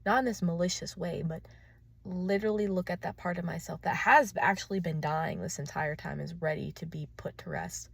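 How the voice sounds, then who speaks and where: A woman speaks in an intense, profane confessional monologue, dropping to a hush and then rising loud. Her voice sits a little low with a gravelly edge. The sound is dry, with no room echo. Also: a little fast. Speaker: vlogger.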